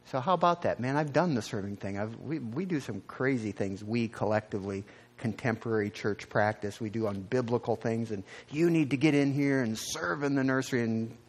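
A man from the American Midwest preaching a sermon as a pastor. He tells stories in an animated way and jumps up in pitch for emphasis. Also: brisk.

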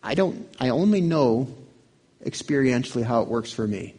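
A man's voice: medium pitch, lively intonation, normal speed, warm tone, husky. A man preaching a sermon in a conversational way, asking his listeners questions. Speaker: pastor.

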